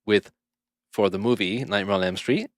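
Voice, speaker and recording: Podcast host, male, lowish voice, dry sound, loose animated banter with swearing. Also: normal speed, dry recording. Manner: animated, swears freely, laughs often. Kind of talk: casual chat. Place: lives in Japan.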